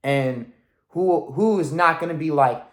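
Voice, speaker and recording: A man's voice: fairly high pitch, measured pace, a bit bright, reverberant. Intense, profane man in his thirties. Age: 30s. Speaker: weight-loss coach. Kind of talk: motivational vlog rant.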